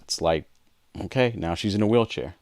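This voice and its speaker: Man on a podcast telling his story, earnest, low-ish voice, dry sound. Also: normal speed, no echo. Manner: earnest, reenacts past dialogue. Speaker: podcast co-host. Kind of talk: candid conversational storytelling.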